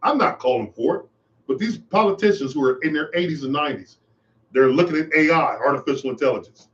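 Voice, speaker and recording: A man's voice: on the high side, animated, quick pace, fairly bright tone, muffled recording. A man hosting his own podcast, giving an impassioned, preachy monologue and repeating his phrases for emphasis. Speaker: podcast host. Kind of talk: monologue commentary.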